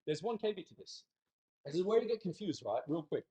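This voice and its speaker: A man teaching a dance class in a studio, talking casually and in an animated way, joking bluntly and swearing now and then. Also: fairly high pitch, fairly quick. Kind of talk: casual instructional talk.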